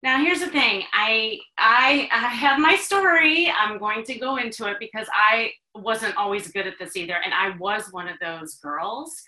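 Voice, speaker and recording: Woman from chicago telling her story to a room of ladies, bright forceful voice, animated and confiding, kinda echoey room. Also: on the high side, measured pace, hardly any pauses. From Chicago, USA. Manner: animated, confiding, with frequent laughs and restarts. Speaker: host, dating coach. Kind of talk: personal storytelling to an audience of women.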